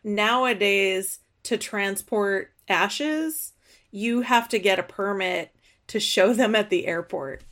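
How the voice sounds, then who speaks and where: A woman's voice: medium pitch, slow pace, a bit bright. Attentive woman podcast host. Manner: attentive, with frequent short agreements. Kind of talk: casual interview.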